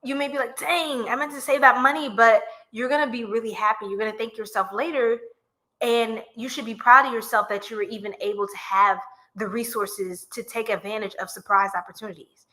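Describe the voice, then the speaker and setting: Woman, tarot reader, livestream host, playful, chatty, slangy, bright forceful voice. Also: fairly high pitch, fairly even intonation, brisk. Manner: playful and chatty, laughs often, talks to chat with slang. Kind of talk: casual livestream tarot reading.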